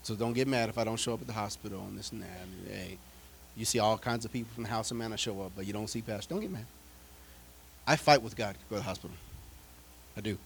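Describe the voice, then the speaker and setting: A pastor preaching a sermon, telling stories with dramatic swings from loud declarations to hushed asides and humorous, direct remarks to his congregation. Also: lowish voice, fast talker, vocal fry, a little hiss or hum.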